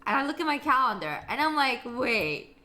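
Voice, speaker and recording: A young woman hosting a live stream, chatting excitably and swearing freely. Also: high voice, fast talker. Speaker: streamer host. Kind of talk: casual chat.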